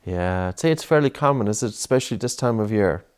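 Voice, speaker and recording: A man coaching a child through breathing exercises, patient and encouraging, with many gentle repeated prompts. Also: lowish voice, animated, fast, smooth.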